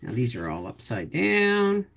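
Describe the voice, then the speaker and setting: A middle-aged woman hosting a casual vlog, rambling to herself and her viewers while digging through old photos, with sudden loud, high exclamations. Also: sing-song, measured pace, gravelly. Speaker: homestead vlogger.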